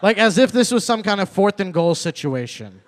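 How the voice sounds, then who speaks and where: A young male comedian working a small club open mic with a slightly high, easy voice. He tells stories loosely, says his punchlines twice and slips into quick acted-out lines from other people. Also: sing-song. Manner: loose storytelling with repeated lines and acted quotes. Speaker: stand-up comedian. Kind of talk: stand-up comedy set.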